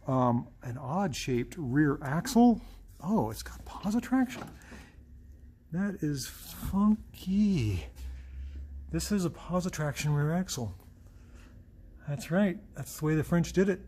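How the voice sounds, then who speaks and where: A man's voice: fairly high pitch, animated, slow pace, long pauses, a little mellow. A man giving a casual, chatty walkaround of a car as he works on it, thinking aloud and easily amused by what he finds. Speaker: car mechanic showing a car.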